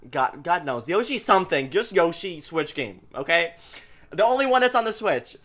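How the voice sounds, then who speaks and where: A man hosting a casual podcast chat, animated and quick to laugh. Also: fairly high pitch. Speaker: podcast host.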